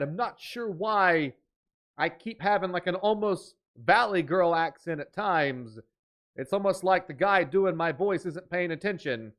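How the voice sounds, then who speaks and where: A man putting on an undead zombie man risen from the grave to tell corny jokes, talking in a slow, halting drawl. The voice sits a little high and loud, and it sometimes slips into a valley-girl lilt. It is a goofy comedic bit on a livestream. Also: full character voice. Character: undead male joke-telling celebrity zombie.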